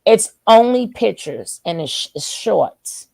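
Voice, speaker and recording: A woman with a raspy, nasal voice, chatting loudly and boisterously as a guest on a live stream, calling in without video. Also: mid-range voice, sing-song, slow, no room sound. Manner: loud, boisterous, hypes others up. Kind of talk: casual live-stream chat. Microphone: phone or call audio, no video.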